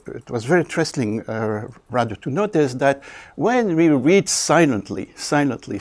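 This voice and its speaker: An older man with a French accent, a linguistics professor giving a university video lecture, speaking haltingly with many fillers and frequent throat clearing. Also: mid-range voice, darkish tone. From France.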